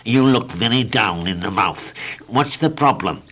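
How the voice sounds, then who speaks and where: Prying, amused storybook busybody, slow and a bit raised; man voices him. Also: lowish voice, lively intonation, a bit bright. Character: long-nosed nosy man, chuckling busybody.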